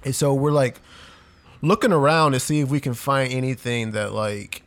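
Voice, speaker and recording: A young man talking loosely on a podcast, piling "like" and "dude" into a rambling story. His voice sits at an ordinary middle pitch and he keeps the tone conversational. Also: normal speed. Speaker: podcast co-host. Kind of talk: casual chat.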